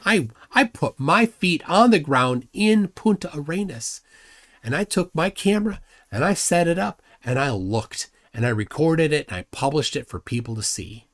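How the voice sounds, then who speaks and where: A man's voice: fairly high pitch, lively intonation, normal speed, a bit bright. A man hosting a live stream, arguing combatively and mocking his opponent while reading chat comments aloud. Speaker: livestream host.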